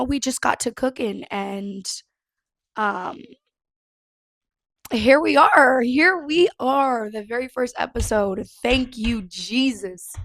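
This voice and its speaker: A young woman hosting her own podcast in a casual, expressive chat, swearing freely and laughing often. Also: mid-range voice, creaky, no echo. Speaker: podcast host.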